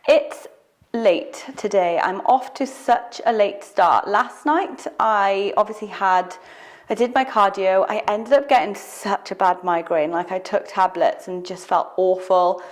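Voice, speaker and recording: A woman's voice: mid-range voice, a little slow. Young woman, casual vlogger, rambling chatty delivery, self-deprecating. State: out of breath after cardio. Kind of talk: casual vlog to camera.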